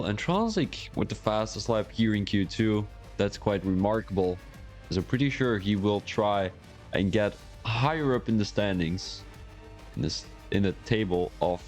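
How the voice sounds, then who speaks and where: Give me a low-pitched man giving chatty, joking live-stream race commentary. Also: a little mellow. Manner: rambling, joking, chatty asides. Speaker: sim racing league commentator.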